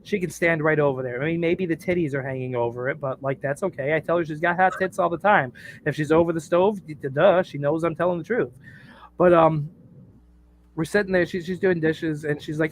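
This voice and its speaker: A man's voice: on the high side, brisk. A man on a podcast telling crude, joking stories in casual chat, laughing at his own jokes. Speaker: podcast co-host.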